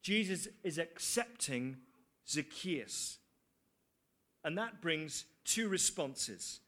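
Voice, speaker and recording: A man's voice: on the high side, expressive, drawn-out words, sharp tone. A man preaching a sermon, earnest, with rhetorical questions and dry asides.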